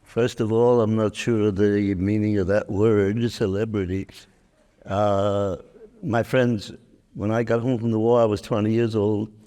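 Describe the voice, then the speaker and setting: A man in his nineties, a veteran guest telling his story on stage, halting with frequent restarts. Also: lowish voice, flat delivery, mellow. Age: 90s.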